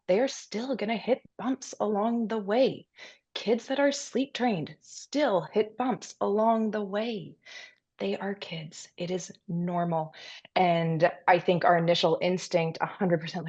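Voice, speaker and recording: A woman guest on an interview podcast, explaining parenting advice in a calm, instructive and reassuring way. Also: lowish voice, highs cut off. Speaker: pediatric sleep consultant guest.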